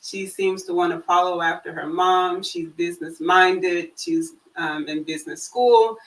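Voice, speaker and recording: A woman in her forties, a guest on a casual talk show, speaking calmly with easy humor over a video call. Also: fairly low pitch, unhurried, distant mic, rough recording. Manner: calm, warm-humored, occasional laughs. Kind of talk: casual chat.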